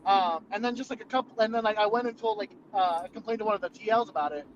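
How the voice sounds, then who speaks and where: High-voiced young man telling rambling stories. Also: quick pace. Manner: rambling, profane, lots of fillers. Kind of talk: casual storytelling chat. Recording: muffled lo-fi recording with clear background noise.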